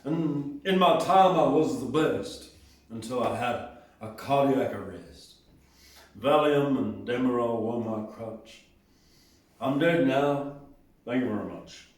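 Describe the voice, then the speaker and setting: A man doing a comic impression of the ghost of a famous rock and roll singer, with a put-on Southern US drawl, reciting in a slow, drawling delivery. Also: mid-range voice, natural voice. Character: ghost of a famous singer, drawling deep-voiced male crooner. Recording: roomy hall from a distance.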